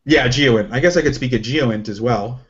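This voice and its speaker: A man co-hosting a podcast chats casually, rambling and second-guessing himself with many restarts. His voice is medium-pitched at a moderate pace, and the recording sounds lo-fi and dull.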